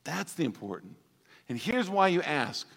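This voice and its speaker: A man preaching a sermon, his voice pitched a little high and bright. He talks in an animated, playful way and slips into character voices to make a point. The sound rings with a long reverb, as in a church sanctuary. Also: moderate pace, creaky, slightly rough. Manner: animated, acts out voices of toddlers and parents for laughs. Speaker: pastor.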